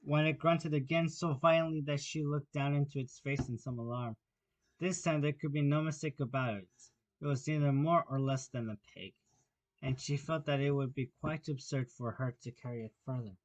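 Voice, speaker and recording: A man narrating an amateur audiobook of a children's classic in a plain, steady reading voice. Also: mid-range voice, normal speed, rough recording.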